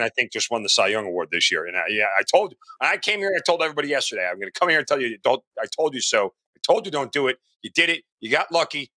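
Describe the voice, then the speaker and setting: A man co-hosts a sports betting show and rants about his picks in a lively, sharply bright voice that swings high and low. His exasperated, profane tirades keep coming back to "okay?", heard dry and close to the mic. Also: no echo. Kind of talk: ranting sports betting talk.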